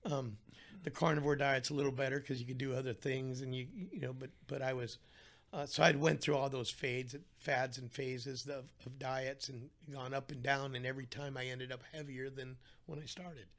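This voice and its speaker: A man's voice: medium pitch, little pitch movement, moderate pace, fairly bright tone. A middle-aged man telling his own weight-loss story in a casual interview, acting out the voices of people he quotes.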